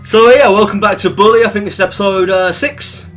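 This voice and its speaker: A young man with a British accent commentates his game in a high, light voice. He swears and teases his friend in loose, joking banter. Soft game music plays faintly behind him. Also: a little fast. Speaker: let's play host. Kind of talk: casual gaming commentary.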